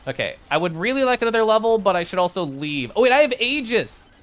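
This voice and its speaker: Game streamer, live gameplay commentary, animated pitch, excitable, chatty, answers chat. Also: fast talker.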